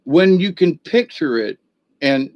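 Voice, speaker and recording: A spiritual teacher gives a casual spoken talk in a fairly high, expressive voice, taking his time. He tells stories in a rambling, folksy way, using blunt and coarse language, and the recording sounds lo-fi.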